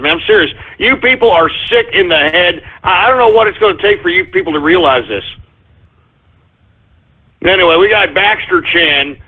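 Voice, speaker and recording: A high-pitched, husky male talk radio host who rants loudly and breaks into shouting, stretching out words for emphasis. His voice comes through a tinny, phone-like radio stream. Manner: loud irritated ranting with shouted bursts. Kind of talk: ranting internet radio monologue.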